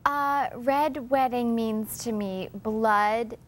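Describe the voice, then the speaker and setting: A woman playing a naive, dazed kidnapping victim who speaks softly and haltingly in an improvised comedy sketch. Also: fairly high pitch. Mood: bewildered. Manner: naive, halting, soft-spoken.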